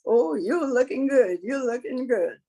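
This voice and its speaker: A woman voicing a flattering, talkative male rabbit in a folktale, coaxing and slow. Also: high voice, pitched above the performer's own voice, full character voice, low-quality recording. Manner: sweet-talking, coaxing.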